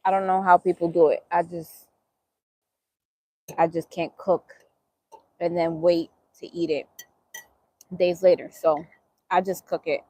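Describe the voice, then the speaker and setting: A woman's voice: on the low side, little pitch movement, measured pace, pauses often, warm tone, no echo. A woman with a Bronx New York accent chatting casually on a live stream while eating, answering viewers' comments and laughing easily. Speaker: vegan cooking channel host.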